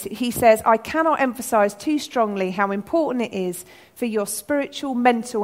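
A woman giving an earnest, animated sermon talk to her church. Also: mid-range voice. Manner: earnest, animated, acts out shouted quotes. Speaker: church speaker.

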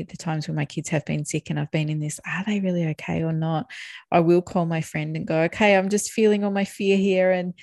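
Gravelly low woman. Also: dry recording, studio quality. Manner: reflective, warm storytelling with many fillers. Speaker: podcast co-host, parenting counsellor. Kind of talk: casual podcast conversation.

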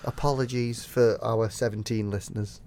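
A man's voice: mid-range voice, fairly even intonation, normal speed, a little mellow. Teasing male podcast co-host. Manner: teasing, chatty, laughs often. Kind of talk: casual chat.

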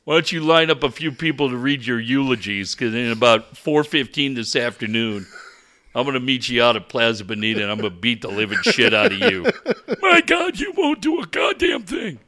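A man voicing a hot-tempered old male coach who hosts a sports radio show, gruff, profane and threatening. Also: mid-range voice, big pitch swings, a little fast, sharp tone, pitched below the performer's own voice. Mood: belligerent.

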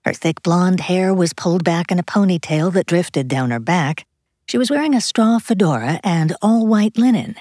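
Low-voiced woman narrating an audiobook. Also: no room sound, clean studio sound. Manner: expressive, measured storytelling. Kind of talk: scripted narration.

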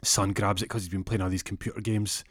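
A man's voice: fairly low pitch, level tone, fast talker, a bit bright, no echo, clean studio sound. A young adult man telling a story casually, rambling and profane, with frequent restarts.

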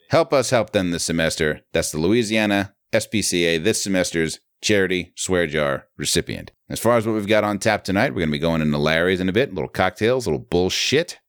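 Casual male podcast co-host, low-pitched, loose and profane, dry close sound. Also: expressive, a little fast, hardly any pauses, no echo. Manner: swears freely, laughs often. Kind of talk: casual chat.

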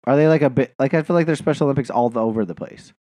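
This podcast co-host talks rapid-fire in a mid-range voice, joking and animated in a casual chat. He often trails off mid-thought and then restarts. No echo is audible.

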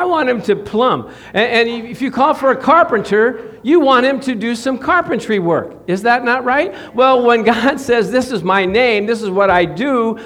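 High-voiced man preaching with call-and-response. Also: a bit bright. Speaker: pastor. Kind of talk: sermon to a small congregation.

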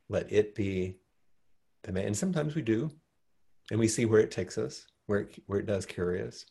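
Male meditation teacher, husky and gravelly, calm and reflective. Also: on the low side. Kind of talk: teaching response in group discussion.

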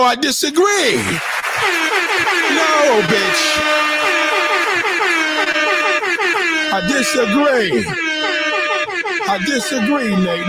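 A man voicing a brash, profane woman from New nearing sixty, who rants at the viewer in a loud, boastful, rambling comic monologue. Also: a little high. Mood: indignant.

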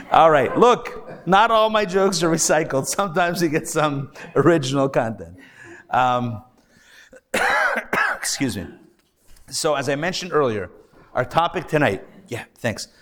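A man's voice: a little high, a little slow, pauses often. A man, a rabbi, teaching a live class to an audience, telling jokes and acting out the voices in them. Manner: animated storyteller, acts out voices in jokes.

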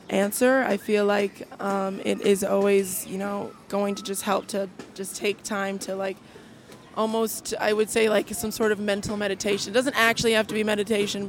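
A woman's voice: mid-range voice, vocal fry, slight background noise. A young adult woman, a singer, talking casually as a guest in a chatty, rambling way with many fillers. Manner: chatty, full of fillers and restarts. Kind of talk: casual chat.

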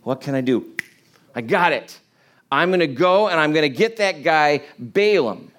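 A flustered, bossy king who pleads and frets, his voice jumping high when exasperated, as a preacher puts him on. He carries the same fairly high pitch as the teller. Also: expressive, normal speed, a bit bright. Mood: worried. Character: anxious, bossy king, adult man.

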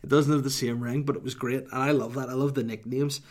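A man's voice: medium pitch, fairly even intonation, quick pace. A man hosting a podcast, rambling casually, swearing freely and joking his way through. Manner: profane, joking, slips into impressions. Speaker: podcast host.

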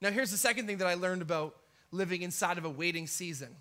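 Male preacher in church, high and sharp-toned, building to passionate delivery. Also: quick pace. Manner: impassioned, acts out quoted pleas with rising intensity. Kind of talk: sermon.

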